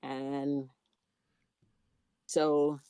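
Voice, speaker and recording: Woman podcast co-host, low voice, unhurried, dry close sound. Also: level tone, mellow, clean tone, no room sound. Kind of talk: casual recap chat.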